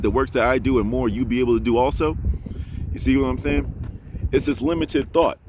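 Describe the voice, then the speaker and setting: A man's voice: mid-range voice, noisy background. Blunt, preachy man talking outdoors. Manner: blunt, preachy, self-assured. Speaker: spiritual vlogger. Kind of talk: casual outdoor monologue. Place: outdoors in an urban area.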